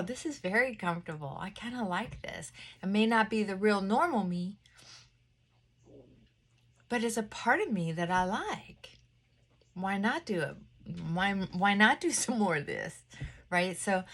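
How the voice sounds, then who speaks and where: A woman records a laid-back morning video at home while preparing at the mirror, musing and motivating herself. At medium pitch, she swings from fast, forceful speech to a gentle, unhurried near-whisper now and then.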